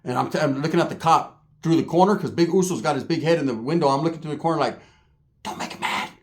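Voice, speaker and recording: A man telling a prison story in a casual, profane, jokey way, swinging between loud and hushed. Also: a little high, racing. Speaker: storyteller recalling prison time.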